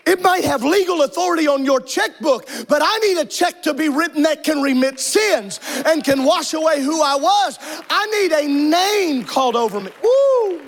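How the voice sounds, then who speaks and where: Very high-voiced fervent male preacher. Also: animated, moderate pace. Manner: emphatic, shouting, half-singing cadence. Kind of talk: fervent sermon. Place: church.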